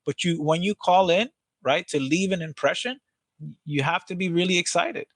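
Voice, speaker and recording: Energetic, blunt man with a dry close sound. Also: high voice, normal speed, no room sound. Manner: energetic, blunt, swears casually. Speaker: podcast guest, sales team trainer. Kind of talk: casual podcast interview.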